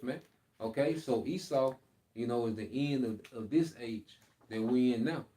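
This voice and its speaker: At medium pitch and a normal pace, a man with a mellow voice reads Bible verses aloud and then unpacks them. His informal teaching is loose and repetitive, often tagged with "man" and "okay?".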